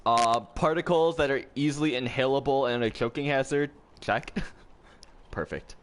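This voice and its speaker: A man co-hosting a casual podcast while playing a video game, excitable and laughing a lot. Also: mid-range voice, normal speed, a little hiss or hum. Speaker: podcast co-host. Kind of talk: casual chat while gaming.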